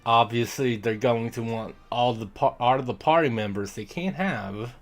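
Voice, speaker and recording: A man chats his way through a video game on stream, his thoughts spilling out in half-finished sentences that loop back on themselves. Now and then he slips into playful accents to read the characters' lines. A soft bed of game music runs underneath his ordinary mid-pitched voice. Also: moderate pace. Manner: rambling, self-interrupting, trails off mid-thought; reads game dialogue aloud in playful put-on accents. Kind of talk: casual game commentary.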